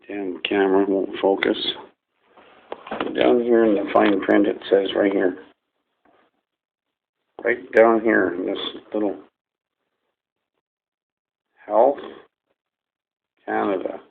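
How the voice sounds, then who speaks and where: Gravelly, slow-talking man vlogger, rambling and profane, folksy gripe delivery. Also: fairly low pitch, steady tone, phone-quality sound, background noise. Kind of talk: ranting to-camera video.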